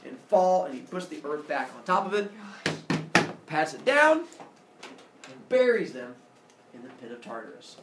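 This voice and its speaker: A man narrating a myth to a group in an animated oral storytelling style, pausing to quiz his listeners. His pitch moves expressively. The recording is roomy and echoey, taken from a mic set well back, with faint background noise. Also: distant mic. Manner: animated, quizzes listeners as he goes.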